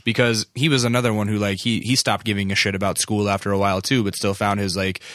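A man's voice: on the low side, little pitch movement, fast talker, a bit bright, dry recording, clean studio sound. A man hosting a podcast, bantering casually with jokes, profanity and rambling asides. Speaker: podcast host.

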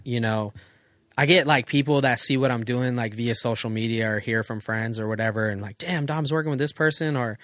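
A man's voice: medium pitch, level tone, fairly quick, fairly bright tone, dry recording, clean studio sound. A man in his thirties, a photographer, chatting casually and reflectively on a podcast, loose and full of profanity. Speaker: guest photographer.

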